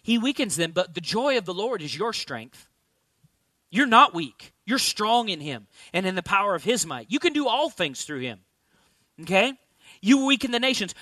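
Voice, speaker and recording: Male preacher, high bright voice, emphatic sermon delivery with rhetorical questions, dry close sound. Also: very animated, moderate pace, dry recording. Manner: repeats key lines for emphasis.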